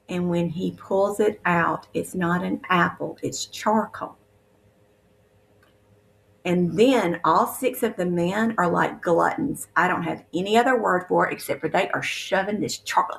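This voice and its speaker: A woman's voice: lowish voice, creaky. A woman, earnestly sharing a vivid spiritual testimony as a guest. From Alabama, USA.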